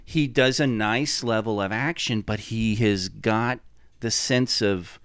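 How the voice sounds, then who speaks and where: A man's voice: lowish voice, slow pace, fairly bright tone, clean tone, no echo. A man hosting a podcast, chatting casually and rambling enthusiastically with frequent swearing. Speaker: podcast host. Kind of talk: casual chat.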